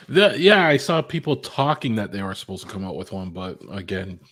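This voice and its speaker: A man's voice: on the low side, very animated, fairly quick, no echo, clean studio sound. A man co-hosting a home tech podcast, joking around in laid-back casual chat. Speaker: podcast co-host.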